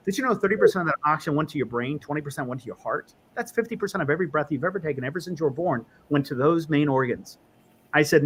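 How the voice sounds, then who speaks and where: A man's voice: a little high, fast, slightly rough. A man, a respiratory therapist, talking in a casual conversation and acting out dialogue as he tells stories. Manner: animated storyteller, acts out dialogue.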